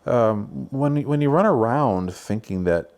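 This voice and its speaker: A man as a podcast guest in casual conversation, an animated storyteller who laughs often. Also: medium pitch, measured pace.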